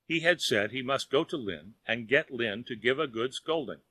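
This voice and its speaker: A man narrating a children's audiobook in a lively storytelling manner. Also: mid-range voice, normal speed, breathy edge, dry recording.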